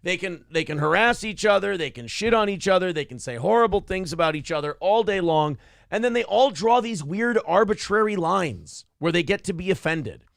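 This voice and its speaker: A man hosts a talk show in blunt, profane, ranting commentary. His voice is gravelly and sits a bit high. The sound is dry and close. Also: animated, moderate pace, fairly bright tone, dry recording. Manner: blunt, ranting, mocks others with put-on voices. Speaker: morning show co-host.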